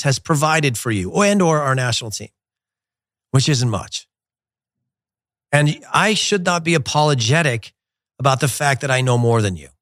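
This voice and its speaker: Blunt, animated man hosting a soccer show. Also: mid-range voice, dry recording, studio quality. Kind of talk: casual opinionated talk. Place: glass-walled studio in a resort. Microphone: studio mic.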